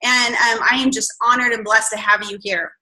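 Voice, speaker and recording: Super high-pitched woman host gushing over her guest on a video call. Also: fairly even intonation, a little fast, pushed and bright, low-quality recording. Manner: gushing, effusive. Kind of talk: enthusiastic live-call introduction.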